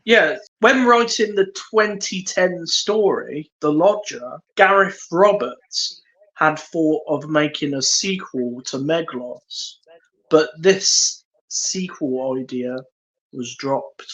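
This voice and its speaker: A man's voice: on the high side, slow pace, a bit bright, poor audio. A man co-hosting a podcast, reading out trivia in a hesitant, casual way. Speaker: podcast co-host. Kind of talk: casual chat.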